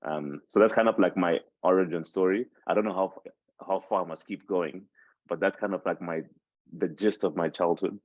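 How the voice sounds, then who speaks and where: A man's voice: low voice, steady tone, moderate pace, darkish tone, no room sound. A man in his twenties from Zimbabwe, a native Shona speaker, reflecting on his life in a casual podcast interview, rambling and restarting his sentences. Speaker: podcast host interviewed as guest. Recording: dull dry sound.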